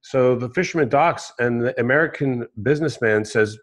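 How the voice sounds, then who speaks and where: Casual animated male storyteller. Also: mid-range voice, normal speed, hardly any pauses. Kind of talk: storytelling in conversation.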